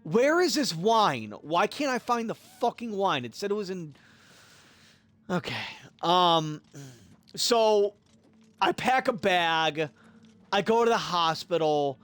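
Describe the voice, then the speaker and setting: A man's voice: high-pitched, slow, pauses often, no echo. Profane, fired-up male streamer. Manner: profane, exasperated, animated retelling; mutters to himself while searching in the game. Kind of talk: casual storytelling on a live game stream.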